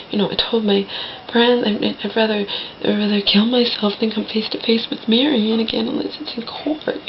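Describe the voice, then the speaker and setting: A woman's voice: medium pitch, vocal fry, highs cut off, slight background noise. A woman talking straight to her viewers from a home, rambling with many restarts and dropping into a whisper at times. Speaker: vlogger. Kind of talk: personal vlog monologue. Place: indoors at a home.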